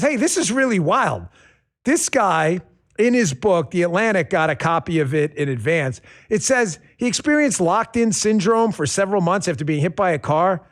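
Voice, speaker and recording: A man hosting a political commentary show, talking in an animated, sarcastic monologue. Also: sits high. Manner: animated, sarcastic, mocking impressions. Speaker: host.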